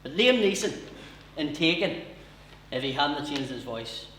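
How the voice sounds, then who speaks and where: A man's voice: on the high side, animated, unhurried, reverberant, far from the mic, noisy background. A man with a Northern Irish accent doing a brash, sweary stand-up comedy routine at a live venue.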